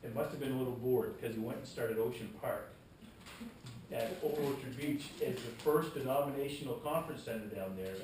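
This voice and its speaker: A man's voice: fairly quick, a little mellow. A man speaking at a historical society meeting, rambling with repeated words and folksy asides, heard from a distance in a meeting room. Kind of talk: informal public talk. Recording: echoey room, mic far off, faint rumble.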